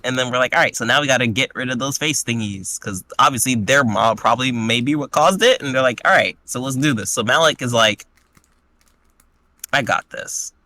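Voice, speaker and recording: A man's voice: medium pitch, brisk. A man casually recapping a tabletop game session with crude, joking energy. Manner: crude, joking, animated retelling. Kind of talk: casual chat.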